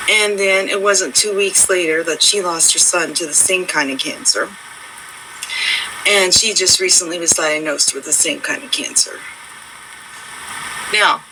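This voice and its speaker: A woman's voice: fairly low pitch, sharp tone, slight background noise, rough recording. A woman hosting her own channel, chatting casually and earnestly to her viewers in a rambling, reassuring way. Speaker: channel host. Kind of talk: casual heartfelt chat to viewers.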